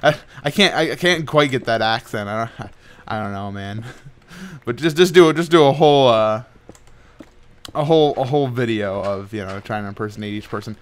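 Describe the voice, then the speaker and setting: A man's voice: medium pitch, fairly quick. Rambling young man narrating his gameplay. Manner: rambling and playful, often laughing, trailing off quietly. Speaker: gaming channel host. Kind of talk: casual Minecraft commentary.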